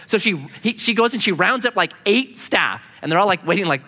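A man preaching a sermon as a pastor, telling stories with lively, acted-out voices. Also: high-pitched, a little fast, few pauses, big-room sound. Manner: animated storytelling, acting out quoted voices.

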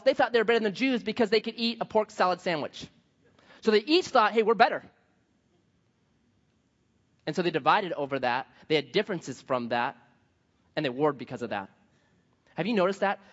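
A man preaching a sermon, telling a story in a lively way and acting out the voices of the people in it. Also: high voice. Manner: animated storytelling, acts out quoted voices. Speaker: pastor. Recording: dull sound with long hall reverb.

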